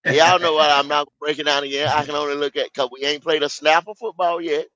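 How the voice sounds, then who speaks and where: Male podcast host, animated, bright tense tone, dry close lo-fi audio. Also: on the high side, fairly quick, no echo. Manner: animated, emphatic, repeats himself. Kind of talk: casual chat.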